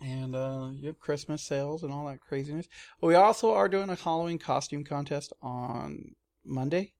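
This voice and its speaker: A man with a slightly raised voice, chatting casually and telling animated stories. He acts out his own screams and reactions as he goes. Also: on the high side, moderate pace, gravelly. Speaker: comic shop staff guest. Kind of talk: casual radio-style chat.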